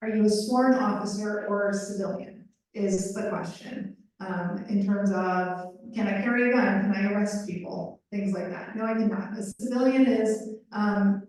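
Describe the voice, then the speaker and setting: A woman's voice: mid-range voice, darkish tone. Woman voice interpreter for a live panel, conversational with "um"s, heard from far off in a very echoey room. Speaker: sign language voice interpreter.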